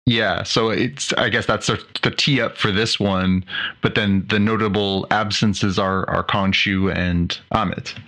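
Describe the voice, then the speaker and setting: A man's voice: fairly low pitch, fairly even intonation, a little slow, pushed and bright. A man in casual conversation, thinking aloud with some hesitation. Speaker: podcast co-host. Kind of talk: casual chat.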